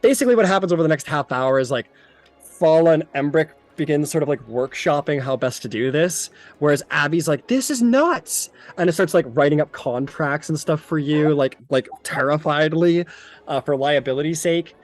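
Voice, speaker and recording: Higher-voiced man running a tabletop game. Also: fairly quick. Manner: loose, filler-heavy storytelling. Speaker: game master.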